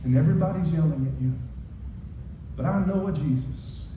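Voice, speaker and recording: High-voiced preacher in an echoing hall. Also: male voice, brisk, slight background noise. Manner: emphatic, repetitive preaching that swings from shouting to soft. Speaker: pastor. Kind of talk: sermon. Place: church hall. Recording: echoey hall from far off, dull.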